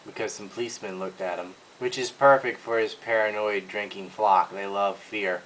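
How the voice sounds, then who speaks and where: A man's voice: on the low side, fairly even intonation, moderate pace, noisy background. A man giving a blunt, scornful commentary, mocking his target with crude insults. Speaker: video commentator.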